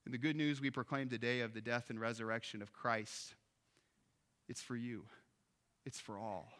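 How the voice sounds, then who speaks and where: A man, a pastor, preaching an earnest Easter sermon, building up on key points and dropping soft on others. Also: mid-range voice, fairly even intonation, normal speed. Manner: earnest, rising with emphasis then dropping soft.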